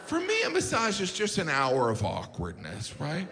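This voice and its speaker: A man's voice: on the high side, huge pitch swings, normal speed, vocal fry, very noisy. A male stand-up comedian on stage, with a wry, exasperated observational delivery into a handheld mic. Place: live venue on stage. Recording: echoey hall with loud ambience.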